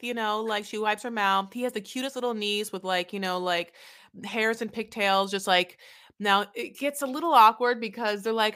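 A woman's voice: medium pitch, moderate pace, bright, forceful tone, clear, resonant tone. A woman co-hosting a podcast, chatting casually and retelling scenes dramatically with quoted voices. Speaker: podcast co-host. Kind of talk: casual recap chat.

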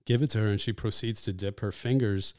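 Low-voiced middle-aged man telling stories. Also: brisk, dry recording, studio quality. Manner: animated, swears casually. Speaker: pizza shop owner, podcast guest. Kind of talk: casual storytelling. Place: podcast studio.

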